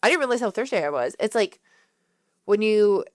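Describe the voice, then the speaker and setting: A woman co-hosting a podcast in casual chat, telling animated stories full of acted-out quotes and frequent laughter. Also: medium pitch, fairly quick, dry recording, studio quality. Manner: animated storyteller who acts out quotes and laughs often. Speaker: podcast co-host.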